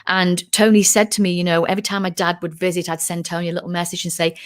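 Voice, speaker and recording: A woman's voice: on the low side, fairly even intonation, racing, few pauses. Woman, middle-aged, earnest, personal storytelling, casual interview. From United Kingdom. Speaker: guest, UFO researcher.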